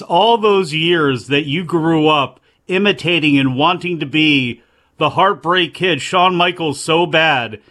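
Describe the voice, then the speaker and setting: Bright-voiced teasing man. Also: on the high side. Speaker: podcast co-host. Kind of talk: casual wrestling chat.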